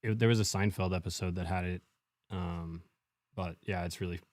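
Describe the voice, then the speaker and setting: A man's voice: sits low, steady tone, moderate pace, darkish tone, no room sound. A man co-hosting a casual podcast chat, laid-back and joking, using plenty of slang. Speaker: podcast co-host.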